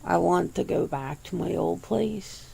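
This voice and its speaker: A woman hosting a casual, soft-spoken ASMR chat, rambling along with easy swearing and frequent laughs, close to the mic. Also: fairly low pitch, measured pace, creaky, breathy edge. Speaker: ASMR channel host.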